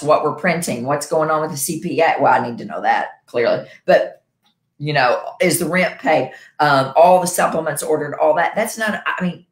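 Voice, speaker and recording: A middle-aged woman hosting a wellness show, coaching her viewers in a casual, upbeat way and often checking in with "right?". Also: deep voice. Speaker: wellness show host and health provider. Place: her home. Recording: echoey room.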